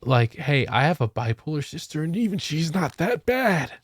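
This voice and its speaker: A man's voice: on the high side, big pitch swings, normal speed, husky, dry recording. A man streaming a video game, chatting casually with his viewers and joking with a lot of swearing. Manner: profane, joking banter with chat. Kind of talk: casual gameplay chat.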